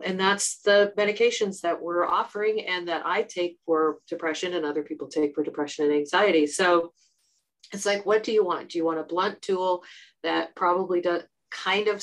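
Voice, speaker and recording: A woman's voice: fairly low pitch, low-quality recording. A middle-aged woman speaking frankly and emphatically as a guest in an interview. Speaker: podcast guest. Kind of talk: candid interview conversation.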